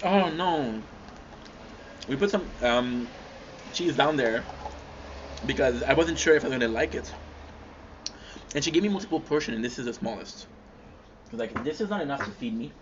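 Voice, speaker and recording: A young man hosting a livestream, chatting casually with viewers and humming between bites of food. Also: mid-range voice. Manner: relaxed, chatty, stops to chew and hum between bites. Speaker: livestream host. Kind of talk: casual chat with viewers while eating. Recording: dull lo-fi stream audio with faint background hum.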